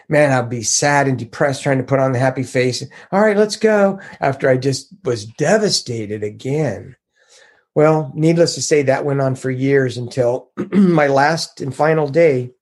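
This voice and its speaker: A middle-aged man telling his recovery story in an earnest, confessional way, acting out what others said to him. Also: mid-range voice. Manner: earnest, confessional, quotes others in lively voices. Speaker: recovery group member sharing his story. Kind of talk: personal recovery testimony.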